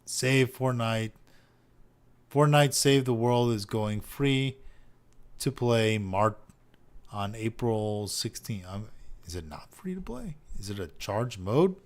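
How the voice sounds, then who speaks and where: A man's voice: medium pitch, slow pace. A man hosting a casual podcast, reading out online posts and ranting about them with heavy profanity and exasperation. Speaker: podcast host.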